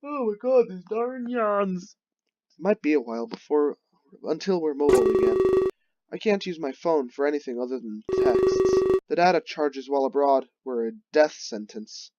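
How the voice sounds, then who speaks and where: A man's voice: on the high side, wildly swooping pitch, moderate pace, dry recording, dull audio. A man playing a visual novel, reading the narration aloud and dropping wry, joking asides. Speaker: video game player. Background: loud game music.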